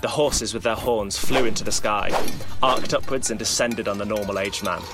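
A man's voice: on the low side, normal speed, vocal fry, over loud music. A man telling a spooky holiday story with dramatic, rhythmic narration. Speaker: podcast storyteller.

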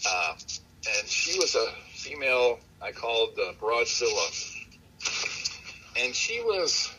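A man tells long, rambling stories about breeding dogs in an easy conversational flow, often circling back with "you know" and restarts. His voice is bright and forward, with a noticeable husky grain, at a mid pitch. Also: low-quality recording. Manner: rambling, relaxed, many fillers and restarts. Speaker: dog breeder, interview guest. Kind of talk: casual storytelling in an interview.

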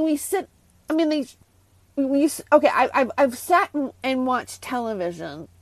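Femme jeune, voix un peu aiguë, monologue agacé et décousu, prise très sèche. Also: female voice, sits high, no echo. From United States. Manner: frustrated, rambling, many restarts and asides. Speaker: vlogger. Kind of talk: casual ranting monologue to viewers.

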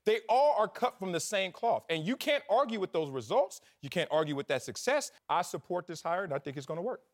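A man co-hosting a comedic sports talk show, emphatic and quick to react. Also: high-pitched, very animated.

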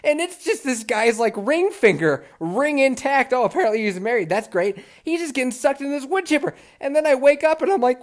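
A man's voice: extremely high pitch, very animated, brisk. A man hosting a podcast, telling a dream story in casual, profane monologue, laughing often and still getting over a cold. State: lingering cold. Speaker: podcast host.

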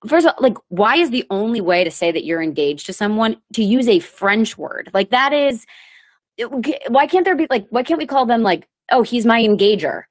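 A thirty-year-old woman and comedian hosting her podcast, chatting casually with a rambling, self-mocking manner and sudden animated bursts. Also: fairly high pitch, moderate pace. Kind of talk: casual solo chat. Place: lives in New York.

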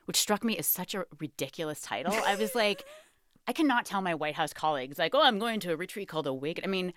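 A woman's voice: on the low side, lively intonation, fast, a bit bright, no echo. A woman guest telling her story in an interview, candid and self-mocking, laughing often. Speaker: author and guest.

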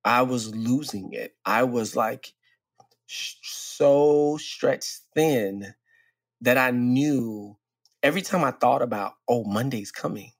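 A man's voice: mid-range voice, takes it slowly, dry recording. A man co-hosting a podcast in casual conversation, telling a personal story with frequent laughs and his voice jumping up when he quotes himself. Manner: animated storyteller, laughs often, voice jumps up when quoting. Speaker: podcast co-host.

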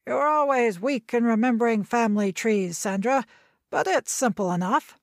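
A woman's voice: a little high, moderate pace, no echo, clean studio sound, natural voice. A woman voicing an irritable, domineering grandfather in his nineties, lecturing sharply and impatiently.

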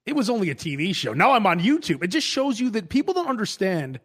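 A man's voice: high-pitched, very animated, quick pace, fairly bright tone. A man hosting a podcast, asking eager questions in a casual interview. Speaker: podcast host. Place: podcast studio.

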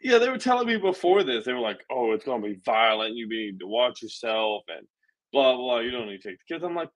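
Animated man telling indignant stories. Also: mid-range voice, fast, poor audio. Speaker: podcast host. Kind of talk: casual political chat.

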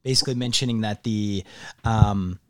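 A man's voice: on the low side, moderate pace, dry recording, studio quality. A man hosting a clinical podcast, affirming his guest and asking reflective questions. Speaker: podcast host. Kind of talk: interview conversation.

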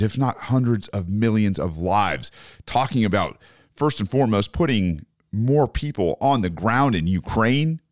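Deep-voiced man ranting in profane disbelief. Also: no echo, clean studio sound. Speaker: podcast host. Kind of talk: opinionated political commentary.

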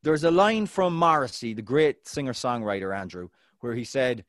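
A man's voice: normal speed, hardly any pauses, dry recording. A man co-hosting a football podcast, telling stories with big swings in his voice. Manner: animated storyteller, big pitch swings. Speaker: podcast co-host. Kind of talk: casual football chat.

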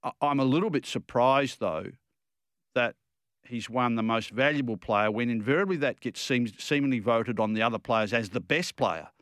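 An Australian man gives his views on football as a radio co-host. He rambles and restarts his sentences as he argues a point. His mid-pitched voice is recorded dry and close. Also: moderate pace, a bit bright, dry recording. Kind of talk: casual radio chat.

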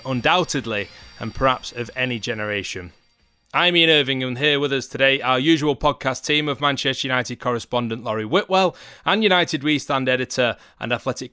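A man's voice: mid-range voice, pushed and bright, no room sound. A man hosting a podcast, giving an upbeat, formal scripted introduction. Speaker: podcast host.

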